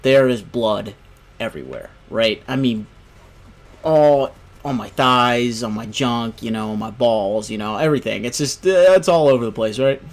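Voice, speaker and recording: A young American man chats casually over gameplay, telling a long personal story at a medium pitch. He rambles along, padding his sentences with "you know" and checking in with "right?". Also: normal speed. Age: young adult. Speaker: gaming video host.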